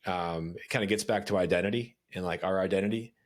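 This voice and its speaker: A man with a deep, low voice hosts a podcast conversation. He poses probing questions in a relaxed, conversational way. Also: fast talker. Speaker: podcast host.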